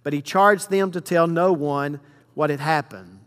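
Guy preaching, reads the verses slow then breaks them down, big echoey hall. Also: a little high, a bit bright, clear, resonant tone. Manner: reads verses slowly, then explains with emphasis. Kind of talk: sermon with scripture reading. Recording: long hall reverb.

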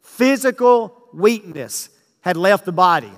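Guy preaching, reads the verses slow then breaks them down, big echoey hall. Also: high voice, animated. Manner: reads verses slowly, then explains with emphasis. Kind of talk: sermon with scripture reading. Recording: long hall reverb.

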